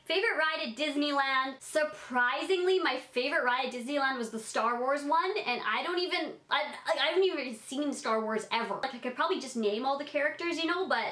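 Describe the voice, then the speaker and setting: A woman's voice: high-pitched, fairly quick, few pauses, pushed and bright, reverberant. A young adult woman answering fan questions in a bubbly, rambling vlog chat, full of "like". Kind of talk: casual Q&A vlog.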